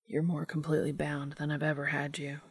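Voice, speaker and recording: Woman doing a playful dominant young man, hushed whisper, lowered voice, gravelly edge. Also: monotone, fairly quick, dry recording, clean studio sound. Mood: intimate whisper. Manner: low murmured whisper. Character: young adult man, teasing, dominant lover.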